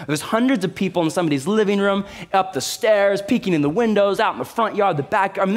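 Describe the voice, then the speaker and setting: A man preaching a sermon as pastor, telling a Bible story with animated asides and frequent rhetorical questions to the congregation. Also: on the high side.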